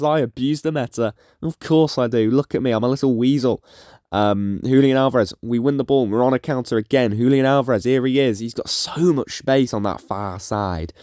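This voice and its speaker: A man giving casual, self-mocking commentary over his own football game, getting excited at goals. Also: medium pitch, no echo, studio quality. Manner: chatty, self-mocking, excitable when scoring. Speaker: gaming YouTuber.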